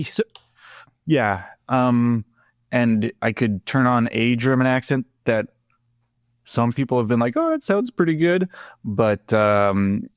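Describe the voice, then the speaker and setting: A laid-back man from Long Beach with a general American accent chats as a podcast guest, joking easily and filling pauses with ums. His voice sits on the low side. The recording is dry and close. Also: dry recording. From California, Long Beach. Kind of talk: casual chat.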